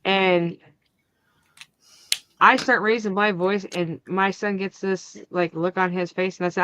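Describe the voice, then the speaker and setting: A woman hosting a crafting channel, chatting casually and acting out the family arguments in her story with lively energy. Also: mid-range voice, a little slow, long pauses, clean tone, lo-fi sound. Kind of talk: casual chat.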